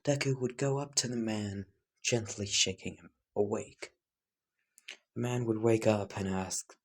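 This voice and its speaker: A man improvising a fan fiction story out loud in a casual, rambling way. He speaks slowly with a husky voice, full of fillers, often sinking into a whisper. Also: fairly low pitch, fairly even intonation. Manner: loose, rambling, many fillers, drops into whispers.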